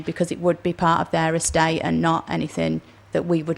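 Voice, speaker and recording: Low, flat, gravelly woman at a council meeting. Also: fairly quick. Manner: careful, clarifying. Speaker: council speaker clarifying a motion. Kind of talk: formal meeting remarks.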